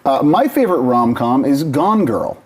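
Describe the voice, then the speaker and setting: A man's voice: medium pitch, very animated, normal speed, darkish tone, slightly rough. A man co-hosting a live game stream, chatting casually and playfully, rambling with lots of restarts. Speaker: co-host.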